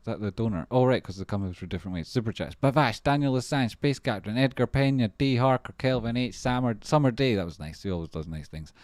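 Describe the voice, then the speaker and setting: A man's voice: medium pitch, quick pace, few pauses, darkish tone, dry recording, studio quality. A man hosting a casual livestream, rambling and swearing freely as he reads out viewer names and thanks supporters. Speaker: livestream host.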